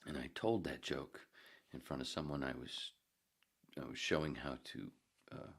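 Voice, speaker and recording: Deep-voiced, swearing podcast host. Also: male voice, normal speed, creaky, a bit bright, slightly rough. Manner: rambling, swearing, joke-telling, chuckling at himself. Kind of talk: casual rambling podcast monologue.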